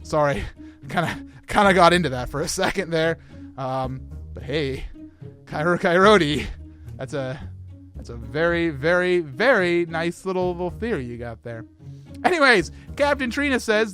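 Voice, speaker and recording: A man hosting a casual livestream discussion about a game, excitable and rambling, often laughing at himself. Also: fairly high pitch, a little slow, soft background music. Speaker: host.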